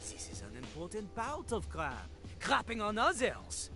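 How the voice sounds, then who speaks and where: A man's voice: high-pitched, wildly swooping pitch, measured pace, over music, exaggerated voice. An actor voicing a cocky male talking toilet who lectures and breaks into rap. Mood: lecturing.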